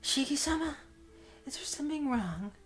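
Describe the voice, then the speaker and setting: A reader voicing a polite, soft-spoken young maid in a visual novel. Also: high-pitched, expressive, normal speed, faint music behind, pitched above the performer's own voice. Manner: polite and restrained.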